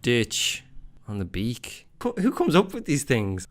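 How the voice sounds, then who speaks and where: A young man with an Irish accent talks through a quiz in a relaxed vlog. His voice sits mid-range but swings widely as he reacts. He sounds chatty and self-mocking throughout. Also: medium pitch, slow pace. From Ireland. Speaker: YouTuber. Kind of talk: casual vlog commentary.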